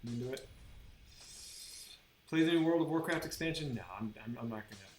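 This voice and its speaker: A man's voice: fairly high pitch, a little fast. A man chatting casually while streaming a game, rambling and swearing with many restarts. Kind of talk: casual live-stream chat while gaming. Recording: roomy sound with faint background noise.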